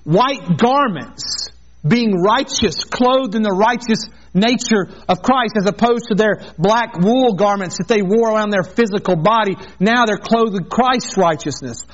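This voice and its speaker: A man's voice: high-pitched, measured pace, highs cut off. A man preaching an earnest sermon as a pastor, mixing scripture with a personal story.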